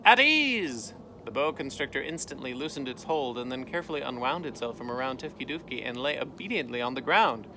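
A man, a teacher, reading a storybook aloud outdoors, with lively voices for the characters and a gentle sign-off. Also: mid-range voice, fast talker, hardly any pauses, noisy background. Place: outdoors in a canoe.

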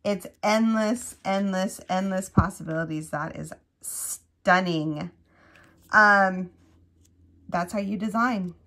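Slow-talking gushing woman crochet vlogger. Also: medium pitch. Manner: gushing, excitable, gasps and trails off mid-sentence. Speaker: crochet channel host. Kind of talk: casual unboxing chat.

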